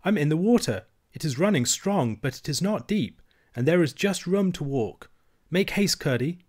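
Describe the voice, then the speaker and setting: A man's voice: a little high, animated, moderate pace, darkish tone. A man reading aloud and voicing a young princess girl who is earnest and insistent, speaking with a raised, eager voice.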